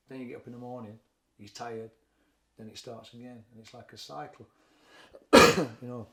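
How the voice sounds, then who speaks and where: An interview in an echoey room captures a middle-aged Sheffield boxing trainer and former fighter, Yorkshire accent intact, telling his story frankly, reflectively and plainly. His medium-pitched voice is steady, pushed and bright, moving at a moderate pace with frequent pauses, with a little hiss or hum.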